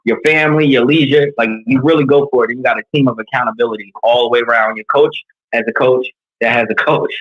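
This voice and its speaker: A man's voice: mid-range voice, dull audio. Earnest man from New York coaching. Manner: earnest, animated storytelling. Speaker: leadership coach. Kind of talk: candid conversational interview.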